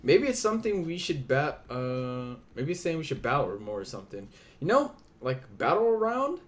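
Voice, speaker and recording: Animated young man playing a game. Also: a little high, normal speed. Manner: playful, voices the characters, casual swearing. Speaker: let's play host. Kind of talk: game playthrough, reading dialogue aloud.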